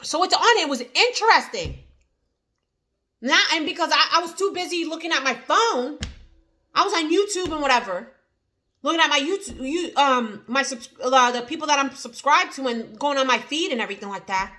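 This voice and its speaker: Bright-voiced rambling New Jersey woman. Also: high voice, lively intonation, normal speed. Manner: rambling, many fillers and restarts. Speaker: vlogger. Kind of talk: casual eat-and-chat vlog.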